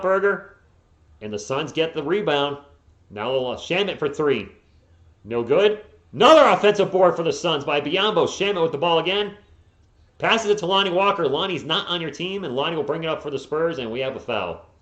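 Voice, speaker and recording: A man giving live play-by-play as a fan streamer, openly partisan and bursting into frustrated yelling at the players. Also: a little high, expressive, moderate pace. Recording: echoey, dull lo-fi home mic.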